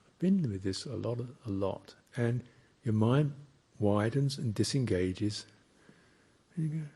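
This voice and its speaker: A male Buddhist teacher gives a dharma talk, very slow and reflective, with pauses between phrases. His voice sits a little low and has a husky, gravelly grain. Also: animated, warm tone.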